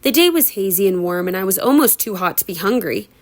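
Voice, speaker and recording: A woman's voice: mid-range voice, expressive, fast. A woman reading a novel aloud at home as a homemade audiobook, breaking into giggly, chatty asides. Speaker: reader.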